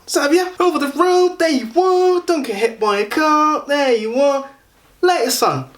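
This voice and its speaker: Man doing a patronising Essex bloke, pitched well up, cocky and loud. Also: moderate pace. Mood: smug. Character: brash, patronising Essex bloke, middle-aged.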